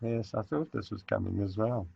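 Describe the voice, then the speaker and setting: An older man from South Africa, a guest chatting casually in an interview, unhurried and reminiscing, with frequent hesitant fillers. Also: lowish voice, fairly even intonation, gravelly, husky, no room sound. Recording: dull lo-fi recording.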